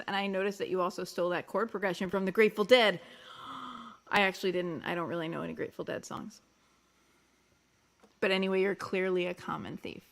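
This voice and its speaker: A woman's voice: mid-range voice, a bit bright. A woman with a Long Island accent, a musician chatting casually and jokingly on her livestream while reading out viewer comments. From Long Island, New York.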